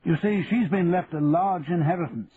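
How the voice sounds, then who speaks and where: A man's voice: sits high, normal speed, pitched above the performer's own voice, close to an everyday voice. A male narrator voicing an earnest, polite young man with a London accent, on a tinny radio recording with faint hiss. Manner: polite and persuasive.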